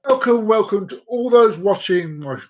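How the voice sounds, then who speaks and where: A man's voice: high-pitched, animated, lo-fi sound. Playful sing-song man host. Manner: playful, sing-song, drawn-out joke telling. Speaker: show host. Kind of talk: comedic live show monologue.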